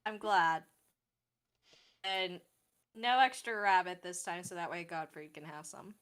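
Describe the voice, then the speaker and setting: A woman's voice: fairly low pitch, a little slow, a bit bright. A woman player in a tabletop game, chatting casually with a giggly, playful manner.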